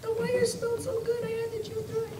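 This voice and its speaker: A man voicing a frantic, shrill creature that is chewing through wires. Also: monotone, brisk, far from the mic, background noise. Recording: roomy convention hall.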